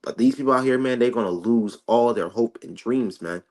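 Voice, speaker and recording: A man preaches in a loose, emphatic way about Bible prophecy. He stumbles over his words and restarts often, curses casually, and his voice sits at a middling pitch. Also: normal speed, darkish tone. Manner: emphatic, stammering restarts, swears freely. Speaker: street preacher. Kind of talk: informal Bible commentary.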